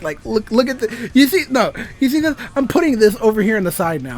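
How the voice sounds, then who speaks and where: High-voiced man ranting about games. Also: fairly quick, hardly any pauses. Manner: animated, rambling, swears freely, laughs often. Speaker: game designer. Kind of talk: casual gaming rant.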